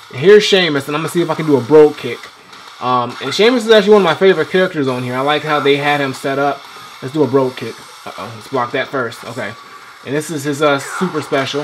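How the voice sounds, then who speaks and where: A man's voice: medium pitch, background noise. A man giving loose, rambling gameplay commentary as a game reviewer, swearing freely while he plays.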